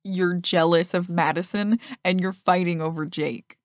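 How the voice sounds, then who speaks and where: A woman's voice: lowish voice, moderate pace, no echo, studio quality, natural voice. A woman voicing a teasing teenage boy, smug and taunting.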